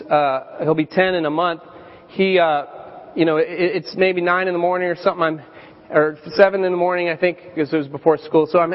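A man in his thirties preaching a sermon as a pastor, chatty and storytelling, with animated voiced quotes. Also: high voice. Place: church sanctuary. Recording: dull church recording with long reverb.

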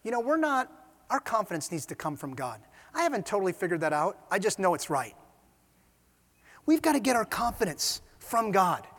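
A man preaching a sermon, retelling scenes with animated storytelling and casual asides. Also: sits high, normal speed. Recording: reverberant hall.

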